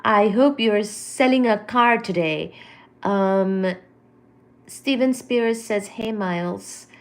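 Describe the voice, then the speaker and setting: A woman's voice: mid-range voice, slow. A woman hosting a casual live stream, chatty and playful as she greets viewers and reads their comments aloud. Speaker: livestream host.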